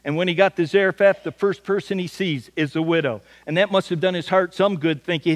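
High-voiced folksy male preacher. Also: a little fast, few pauses, long reverb tail. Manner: folksy, stammers on repeated words. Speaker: pastor. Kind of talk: sermon.

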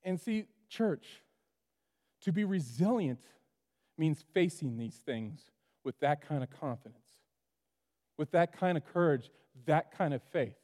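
High-voiced man preaching in a reverberant hall. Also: slow, pauses often. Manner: animated preaching, acts out voices of the story. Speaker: pastor. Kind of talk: sermon. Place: church.

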